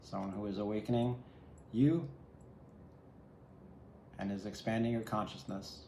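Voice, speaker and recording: A man with a low, mellow voice reads tarot cards on his own, musing aloud and talking straight to his viewer. His voice rings a little around an echoey room, with a faint hum of ambience underneath. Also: fairly even intonation, a little slow, gravelly. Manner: musing, reflective, speaks directly to the viewer. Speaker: tarot reader. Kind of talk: solo tarot reading.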